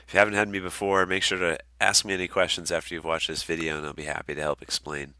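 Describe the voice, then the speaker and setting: A young man with a very low, bright-edged voice, walking students through an online course in a casual, relaxed way full of ums and uhs. He sounds like an instructor talking into a computer mic. The sound is dry and close, with no room echo. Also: quick pace. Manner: relaxed, many ums and uhs, friendly asides. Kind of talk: casual recorded course walkthrough.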